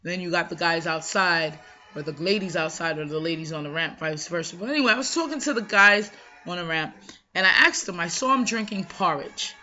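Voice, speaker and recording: A woman's voice: on the low side, lively intonation, a little fast, pushed and bright, faint music behind. A Jamaican-born woman hosting an episode, talking conversationally with emphatic rhetorical questions. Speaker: podcast host. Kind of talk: motivational monologue. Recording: dull lo-fi sound.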